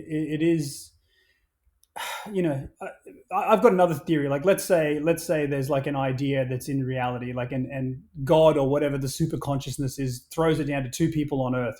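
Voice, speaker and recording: A man on a podcast, his voice pitched a little high. He tells his stories in an animated rush, full of restarts and casual swearing. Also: normal speed. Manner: animated storyteller, swears freely, many restarts. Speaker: podcast guest, brand founder.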